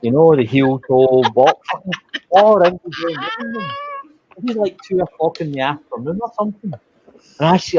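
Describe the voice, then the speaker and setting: A man's voice: fairly high pitch, lively intonation, moderate pace, darkish tone, a little hiss or hum. An Irish man rambling through a story in casual chat, swearing freely. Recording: dull lo-fi sound.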